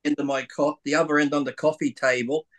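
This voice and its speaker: A middle-aged man telling crude stories in casual chat, animated and laughing as he acts out quoted voices. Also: a little high, fast, over a noisy crowd. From Australia. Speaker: guest bodybuilder.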